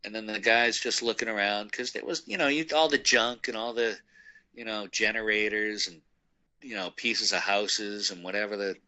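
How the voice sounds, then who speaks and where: Bright-voiced man telling a rambling story. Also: on the low side, steady tone, normal speed, low-quality recording. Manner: rambling, laughs often, acts out quoted people. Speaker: guest recounting a meeting. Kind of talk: casual storytelling chat.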